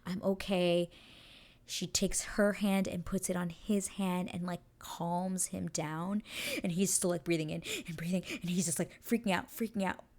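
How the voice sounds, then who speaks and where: A woman's voice: lowish voice, level tone, moderate pace, a little mellow. A young woman hosting a show, casually recapping a scene in a gushing, breathless way. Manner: gushing, breathless retelling with acted quotes. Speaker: show reaction host.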